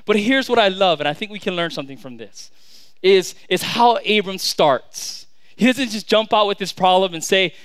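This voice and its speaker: A man in his thirties preaches a sermon in a high, smooth, resonant voice. He repeats and restarts words, then swings from loud declarations to quiet asides. The recording is dry and close. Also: animated, normal speed, dry recording. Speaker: pastor.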